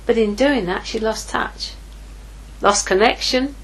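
Husky woman preaching candidly. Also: on the high side, unhurried, a bit bright, poor audio. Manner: candid, conversational, acts out inner dialogue. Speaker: ministry leader preaching. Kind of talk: informal sermon with personal story.

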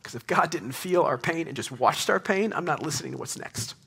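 A man's voice: a little high, expressive, a little fast, gravelly, a bit bright, breathy edge. A young man preaching a sermon to a congregation, earnest and conversational, with emphatic rising questions. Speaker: pastor.

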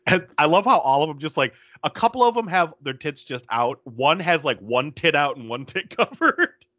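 Animated man recapping a film. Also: fairly high pitch, normal speed, no room sound, dull audio. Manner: animated retelling, acts out lines, laughs often. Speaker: podcast co-host. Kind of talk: casual film recap chat.

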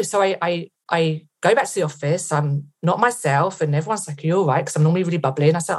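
Woman telling a vivid story, low voice. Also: fast. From England. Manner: vivid retelling with quoted inner thoughts. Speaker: podcast guest. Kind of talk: storytelling in a podcast interview.

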